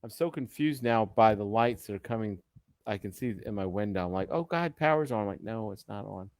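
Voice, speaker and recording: A man's voice: fairly low pitch, steady tone, fairly quick, a little mellow, no echo. A man hosting a casual live video chat, rambling and joking with some swearing. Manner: rambling, profane, jokey. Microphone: video call.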